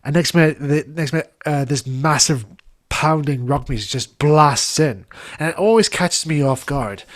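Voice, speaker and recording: A man's voice: a little high, normal speed, dry recording, studio quality. A man hosting a casual live stream chat, rambling with many restarts and fillers. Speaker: host.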